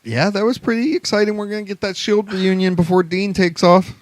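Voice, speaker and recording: A man's voice: sits high, fairly quick, no room sound. A man co-hosting a podcast in casual chat, teasing his friends with dry banter. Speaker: podcast co-host.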